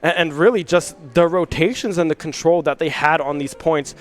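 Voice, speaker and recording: High-voiced young male esports caster. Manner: rapid play-by-play, rising at big plays. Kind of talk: live esports commentary.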